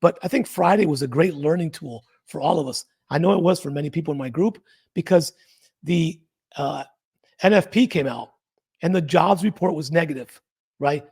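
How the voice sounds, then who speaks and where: A man's voice: a little high, moderate pace, vocal fry, husky. A man hosting a trading channel, talking through chart analysis in a casual, emphatic way with frequent rhetorical questions. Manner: animated, emphatic, often asks rhetorical questions. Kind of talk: casual market analysis talk.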